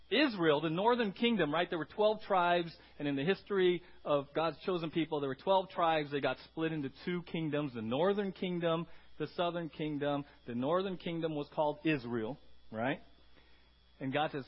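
A man preaching a lively sermon to his congregation in a church, calling out for responses and acting out voices in sudden loud bursts. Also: unhurried, long pauses, muffled recording. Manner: animated, calls out "Amen?" and "right?" to the congregation; acts out quoted voices with sudden loud, high outbursts. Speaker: pastor. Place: church hall before a congregation.

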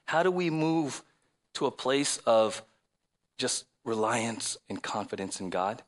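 A man's voice: medium pitch, measured pace. A man preaching a sermon, asking rhetorical questions and reading scripture aloud. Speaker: pastor.

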